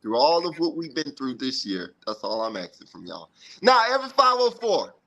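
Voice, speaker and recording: A man's voice: medium pitch, sing-song, sharp tone. A man with a New Orleans accent hosting a sports podcast, making a long, repetitive appeal to fans in casual talk. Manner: pleading, repetitive, drawn-out fan appeal. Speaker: podcast host.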